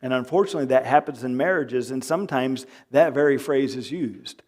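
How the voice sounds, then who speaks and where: Speaking fairly quickly in a mid-range voice, a male pastor delivers a sermon in the church sanctuary. He jokes with the congregation, stays animated and performs quoted arguments himself.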